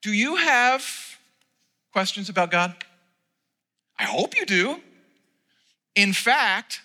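A man's voice: high voice, expressive, slow, long pauses, sharp tone. A man preaching a sermon from the stage of a church, opening with a playful story and then speaking earnestly. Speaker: pastor. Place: church sanctuary. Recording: long reverb in a church hall.

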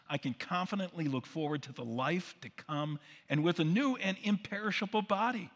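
A pastor preaching in a church sanctuary, his bright, forceful voice carrying a long reverb from the big room. He is emphatic and leans on rhetorical questions, calling the congregation to repeat lines after him. His pitch sits a bit high for a man. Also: moderate pace. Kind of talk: sermon.

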